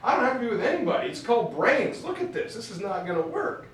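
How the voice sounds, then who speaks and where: A man's voice: very high voice, sing-song, fast, a bit bright, slight background noise, pitched above the performer's own voice, exaggerated voice. A man voicing a blunt, impatient male army general who scolds in a raised, emphatic voice. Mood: cocky. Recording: very echoey room, far from mic.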